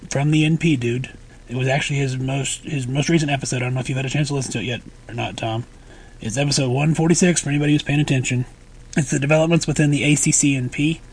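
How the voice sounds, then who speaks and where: A man co-hosting a podcast, explaining things in a measured way and raising pointed questions. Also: medium pitch, breathy edge, rough recording. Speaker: podcast co-host. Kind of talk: casual podcast chat.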